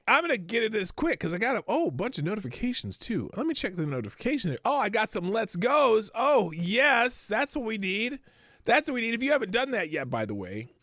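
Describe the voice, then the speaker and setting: Lively, bright-voiced man hosting a livestream. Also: high voice, no echo, studio quality. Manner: rambling, laughs often, greets chat viewers by name. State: lingering cough. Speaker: livestream host. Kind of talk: casual livestream chat.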